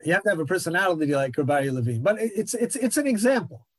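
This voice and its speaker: Earnest high-voiced man teaching Torah. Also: very animated, very fast, husky, no echo. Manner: earnest, repeats phrases for emphasis. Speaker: rabbi teaching a class. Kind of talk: Torah lecture.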